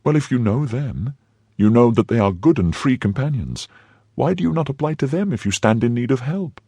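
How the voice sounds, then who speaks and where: A man's voice: mid-range voice, expressive, normal speed, dark tone, breathy edge, dry recording, pitched above the performer's own voice. A man voicing a young, trusting and lovesick novice nun in a raised, earnest tone. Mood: anxious.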